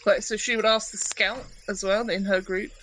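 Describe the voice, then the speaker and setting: Male player with a high voice, rambling, self-correcting delivery. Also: steady tone, moderate pace, fairly bright tone, a little hiss or hum, low-quality recording. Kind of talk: casual tabletop play.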